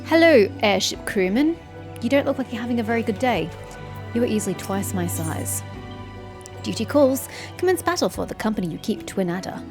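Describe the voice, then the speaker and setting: Animated and fairly quick, a woman with a voice on the high side does let's-play commentary through a sore throat. She's sarcastic and chatty and pokes fun at the characters as faint game music plays in the background.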